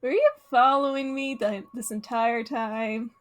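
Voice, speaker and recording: A woman's voice: fairly high pitch, steady tone, a little slow, close to an everyday voice. A woman playing a smug young masked thief. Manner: smug, teasing. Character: cool, cocky young masked male thief.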